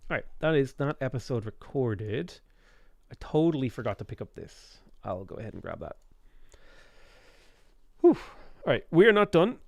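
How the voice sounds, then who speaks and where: Laid-back Irish streamer, dry close sound. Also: male voice, mid-range voice, big pitch swings, moderate pace, gravelly, long pauses, no echo. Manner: rambling, reads out and answers chat questions. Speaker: game streamer. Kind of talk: casual live-stream chat.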